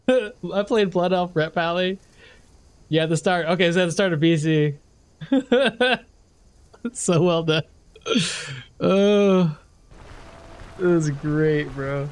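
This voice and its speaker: A male game streamer talking through live gameplay in a loose, rambling way. He chuckles and swears casually as he goes. His voice sits a bit high for a man, and soft music plays underneath. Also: very slow, long pauses, smooth.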